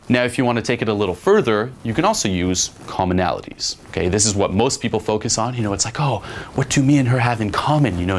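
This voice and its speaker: Blunt, profane, low-voiced man coaching. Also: slight background noise. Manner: blunt and profane, acts out quotes. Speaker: dating coach. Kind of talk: instructional monologue.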